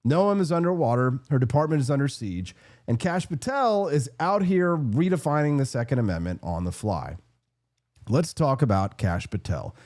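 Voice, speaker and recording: A man's voice: mid-range voice, a little mellow. A man hosting a political commentary show, talking in a sarcastic, combative way and reading out viewer comments. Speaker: host.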